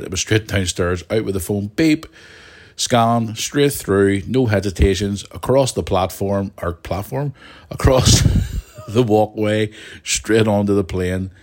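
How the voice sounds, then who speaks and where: Low-voiced man rambling through a story. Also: normal speed. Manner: rambling, animated anecdote with restarts and asides to listeners. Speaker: podcast host. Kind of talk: casual storytelling monologue.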